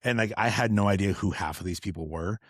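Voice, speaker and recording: A man's voice: on the low side, quick pace, a bit bright, husky, no room sound, clean studio sound. A man guesting on a podcast, telling long profane stories full of fillers and restarts. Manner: rambling, profane storyteller with many fillers. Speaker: podcast guest, tattoo artist. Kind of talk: casual podcast chat.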